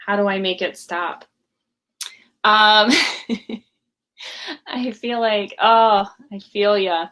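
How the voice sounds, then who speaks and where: A woman's voice: mid-range voice, very slow, pauses often, fairly bright tone. A woman hosts a live question-and-answer session for parents. She explains things in a friendly, conversational way. She talks from home. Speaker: parenting coach.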